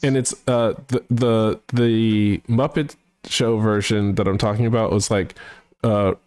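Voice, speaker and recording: Slow, meandering man in casual chat. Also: lowish voice, fairly even intonation, a little mellow, no room sound. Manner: meandering, thinking aloud, self-correcting.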